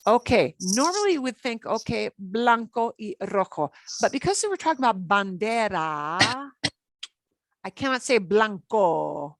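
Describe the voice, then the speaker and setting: A woman's voice: medium pitch, big pitch swings, measured pace, no echo. A woman teaching a beginner Spanish class, explaining step by step, slipping in Spanish words and laughing lightly. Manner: patient, explains step by step, switches between English and Spanish.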